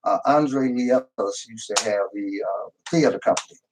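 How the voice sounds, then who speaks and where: Unhurried older man telling stories. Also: fairly low pitch, a little hiss or hum, low-quality recording. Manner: storytelling, unhurried, repeats words. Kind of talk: casual discussion.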